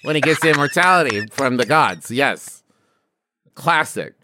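A man in his thirties co-hosting a comedy podcast, wry and playful, tossing in quick asides. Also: mid-range voice, animated, sharp tone, a little hiss or hum. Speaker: podcast co-host. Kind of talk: casual comedic chat.

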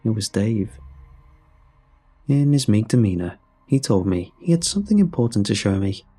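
Deep, husky man narrating horror. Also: very animated, warm tone, soft background music. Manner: measured, somber. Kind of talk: scripted horror story narration.

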